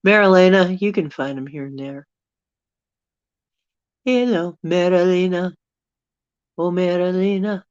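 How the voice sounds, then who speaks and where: Measured and often pausing, this medium-pitched, clean voice with no room sound comes from a live-stream host suffering allergies. Casual viewer chat drifts along with chuckles and thinking out loud. It's recorded in dull, dry lo-fi.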